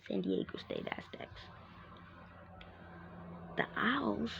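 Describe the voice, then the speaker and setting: A woman's voice: takes it slowly, fairly bright tone, highs cut off, slight background noise. A woman hosting her own basketball show, chatting casually through a sports recap with lots of fillers and asides.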